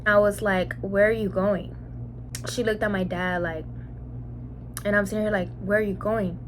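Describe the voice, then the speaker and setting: A young woman from Mexico talks through a long personal story in a relaxed, chatty way. She fills her sentences with "like" and acts out the lines people said to her. Her voice sits at an ordinary pitch, with a faint hum behind it. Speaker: mukbang vlogger. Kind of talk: casual storytime monologue.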